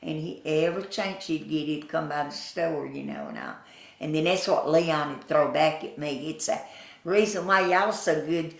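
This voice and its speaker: Speaking with a deep voice and vocal fry, an older Southern woman recounts folksy stories for an oral history interview. She's slow and chuckling, acting out quoted voices, and the room is echoey.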